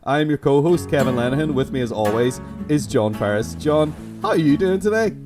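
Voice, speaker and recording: A man's voice: medium pitch, animated, a little fast, music in the background. A man with a Belfast accent co-hosting a podcast, rambling through a comedic improvised bit with lots of restarts and giggles. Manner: rambling, self-interrupting, giggly. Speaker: podcast co-host. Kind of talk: comedic improvised sketch chat.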